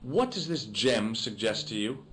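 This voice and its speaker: A man's voice: fairly low pitch, very animated, a little slow, fairly bright tone, a little hiss or hum. A male actor voicing a polite, inquisitive young investigator in a video game who keeps asking probing questions. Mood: inquiring.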